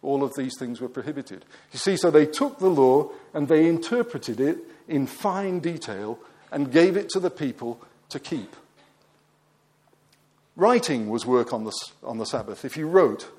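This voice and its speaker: Emphatic preacher, fairly high voice. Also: male voice. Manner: emphatic, asks the congregation questions, voice drops quiet at phrase ends. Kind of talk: sermon.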